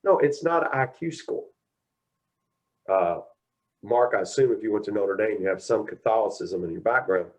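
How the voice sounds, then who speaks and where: A man's voice: fairly low pitch, normal speed, pauses often, darkish tone, poor audio. A middle-aged man with a Kentucky accent gives a guest lecture at a mediation class as a folksy storyteller, retelling talks with lots of "I said, he goes.". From Kentucky, USA. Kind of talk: anecdotal lecture.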